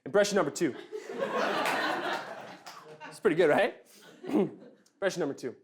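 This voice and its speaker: A man's voice: high voice, expressive, a little slow, a little mellow. A young man doing a stand-up comedy set with a dry, self-deprecating delivery.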